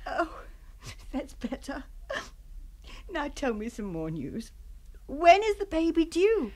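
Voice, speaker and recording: An actress playing an emotional young Australian woman in a scripted radio drama for English learners, speaking slowly and clearly. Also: high-pitched, heavily acted. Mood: curious. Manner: clear, slow, expressive. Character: young woman home from abroad, warm and emotional.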